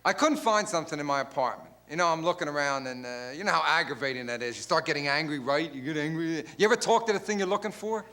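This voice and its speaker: A man doing a stand-up comedy routine on a live television stage, acting out bits in loud put-on voices. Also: fairly high pitch, fast talker, hardly any pauses. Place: live television stage before a studio audience. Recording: noisy live broadcast with crowd laughter. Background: audience laughter.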